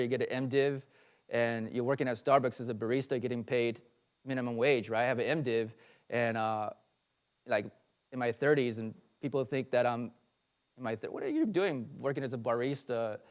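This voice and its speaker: A man's voice: mid-range voice, fairly even intonation, brisk. Earnest man teaching a sermon. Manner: earnest lecturing with fillers and asides. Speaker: pastor.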